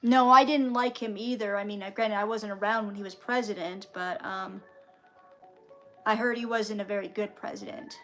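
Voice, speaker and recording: A woman chatting casually, hesitant and halting, with many fillers. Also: mid-range voice, steady tone, fairly bright tone, faint music behind. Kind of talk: casual chat.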